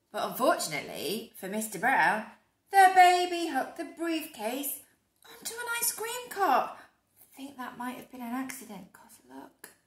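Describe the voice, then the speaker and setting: A woman reading a picture book aloud to children, animated, with hushed whispered asides to her young listeners. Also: fairly high pitch. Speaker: storyteller. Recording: echoey room.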